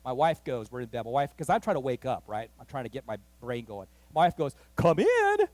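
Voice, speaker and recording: A man pastor telling a story in a sermon, animated and acting out the voices of the people in it. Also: medium pitch, fast talker, no room sound. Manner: animated, acts out quoted voices, rising excitement. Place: church.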